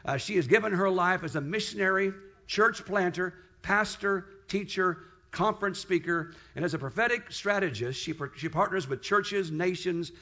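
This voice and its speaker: A man's voice: on the high side, fairly bright tone, lo-fi sound. A man with a South African accent, a pastor introducing a guest speaker in a church service. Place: church sanctuary.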